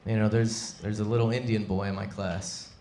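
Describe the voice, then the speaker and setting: A man performing a live stand-up set on a comedy club stage, wry and deadpan, speaking into a stage mic. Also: lowish voice, moderate pace, noisy background. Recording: echoey club with loud crowd.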